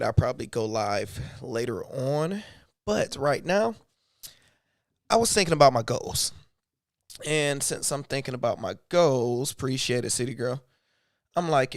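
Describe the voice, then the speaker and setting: A man from Michigan hosting a casual livestream, his voice a little hoarse, talking loosely and reading from his notes. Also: medium pitch, no echo, studio quality. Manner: loose and conversational, reads aloud from notes. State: slightly hoarse voice. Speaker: YouTube livestream host.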